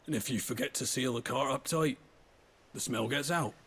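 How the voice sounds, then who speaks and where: Game role: shrewd, chatty stable master. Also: male voice, mid-range voice, moderate pace, a bit bright, husky. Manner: chatty, knowing, easygoing. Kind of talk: game dialogue.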